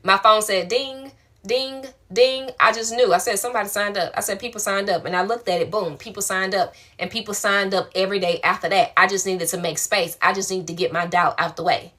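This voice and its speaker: A woman's voice: mid-range voice, steady tone, fast talker, hardly any pauses, bright, forceful tone. A woman coaching viewers on faith during a live stream, reading out their questions and answering in an affectionate, colloquial, encouraging way. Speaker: spiritual coach.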